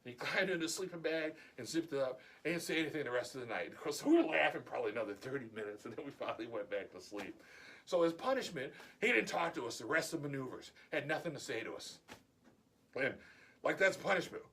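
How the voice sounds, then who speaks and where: A man's voice: a little high, animated, quick pace, a bit bright, breathy edge. A man vlogger telling a story in a casual, chatty way, chuckling often.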